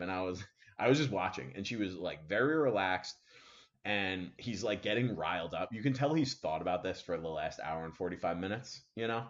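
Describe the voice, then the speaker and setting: Low-voiced man telling a story animatedly. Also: fairly quick. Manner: animated, full of fillers and acted-out quotes. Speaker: podcast host. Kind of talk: casual storytelling. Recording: dull lo-fi sound.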